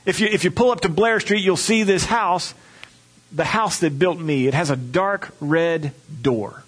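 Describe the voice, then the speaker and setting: A man's voice: high-pitched, measured pace, a bit bright. A man preaching a sermon, telling a folksy personal story and acting out the voices of the people in it.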